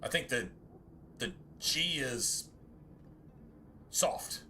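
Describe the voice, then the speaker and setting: A game streamer, a man with a bright, forceful voice, rambles through a casual chat with his viewers. He muses aloud, corrects himself often and drops the odd swear word, with a faint hiss of noise behind him. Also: medium pitch, animated, very slow.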